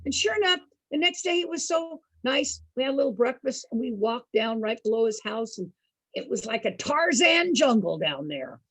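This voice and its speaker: A woman with a husky voice telling a casual story to an online group over a video call, chatty and calling her listeners folks. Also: on the high side, big pitch swings, normal speed, a bit bright, dry recording, poor audio. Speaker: storyteller host.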